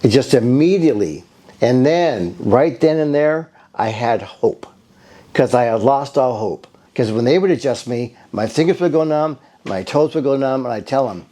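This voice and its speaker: A middle-aged man at an ordinary pitch, his tone mellow and unforced. He talks casually and loosely, jumping from point to point and acting out the conversations as he tells his story. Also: animated, moderate pace. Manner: rambling storyteller who acts out conversations. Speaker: bodywork therapist giving a patient testimonial. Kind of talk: casual spoken testimonial.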